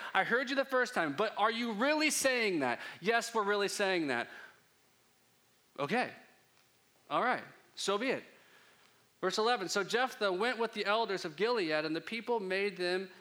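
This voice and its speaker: A man's voice: high voice, pushed and bright. A young adult man preaching a sermon in a casual, joking, conversational way. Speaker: pastor.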